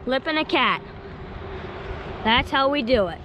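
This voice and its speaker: A woman vlogging while fishing outdoors at a lake, excitable and keeps calling out to viewers. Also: sits high, measured pace, noisy background. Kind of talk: excited outdoor vlog commentary. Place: outdoors at a lakeshore.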